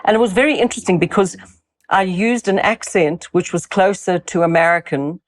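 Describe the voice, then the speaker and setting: Older lady, low voice, thoughtful, repeats herself while thinking. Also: brisk. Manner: thoughtful, repeats words when searching. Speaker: voice coach and actress. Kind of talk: interview answers.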